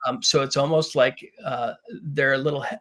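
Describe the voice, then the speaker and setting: A man's voice: medium pitch, fairly even intonation, fairly bright tone. A man on a live ghost-hunt panel explaining the findings, often restarting his sentences. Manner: halting, many restarts and fillers, explanatory. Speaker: paranormal investigator on a panel.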